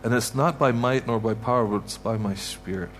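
A man's voice: medium pitch, a little fast. Canadian guy preaching in a church, emphatic and repetitive, faint hum behind. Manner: emphatic, repetitive, heartfelt blessings. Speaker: guest preacher. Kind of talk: sermon. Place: church sanctuary.

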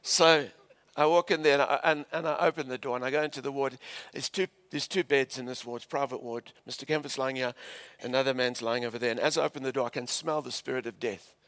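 A South African man in his fifties, a pastor telling a story in a sermon to a live church audience, animated and laughing along with them. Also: mid-range voice, fast talker.

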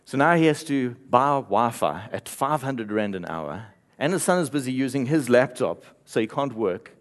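A man's voice: medium pitch, animated, normal speed. A man preaching a sermon, telling a story with playful asides and light laughter. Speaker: pastor.

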